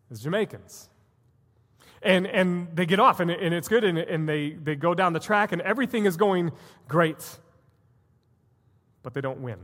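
A man preaches from the pulpit in a slightly high voice, retelling a story with earnest energy before driving home his point. The sound rings with the long reverb of a church hall. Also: fairly bright tone. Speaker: pastor. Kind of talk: sermon. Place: church sanctuary.

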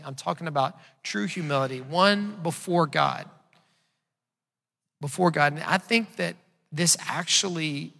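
A man's voice: on the high side, vocal fry, sharp tone. A man preaching a sermon as pastor to his church. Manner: conversational preaching with emphatic repetition. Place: church auditorium. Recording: long reverb of a church hall.

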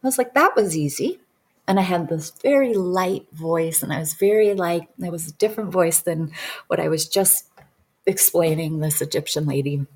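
Husky low-voiced woman telling a story. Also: normal speed. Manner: earnest and emotional, often dropping to a soft whisper. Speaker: guest recounting a regression session. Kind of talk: casual conversational storytelling.

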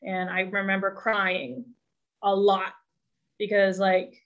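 A woman's voice: mid-range voice, monotone, slow pace. Candid young woman, lo-fi sound. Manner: candid, rambling, self-deprecating humor. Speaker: guest. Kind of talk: personal storytelling. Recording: dull lo-fi sound.

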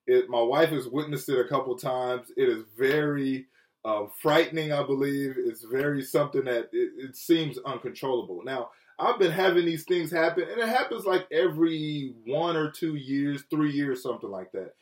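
A man preaching a sermon with earnest feeling, often dropping low and soft and then rising for emphasis. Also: moderate pace, roomy sound, far from the mic. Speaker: pastor. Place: Chicago.

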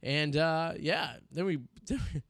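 A man in his thirties hosts a casual podcast, spinning long, rambling stories packed with restarts and fillers. His voice sits a little high and a bit bright, with vocal fry and an unhurried pace. The studio mic gives a dry recording.

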